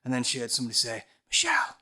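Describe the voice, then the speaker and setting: A man's voice: mid-range voice, animated, a little fast, sharp tone. A man, a guest telling a story in a casual chat. He swears freely, sounds dryly skeptical and acts out the voices of people in his stories. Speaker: podcast guest, musician.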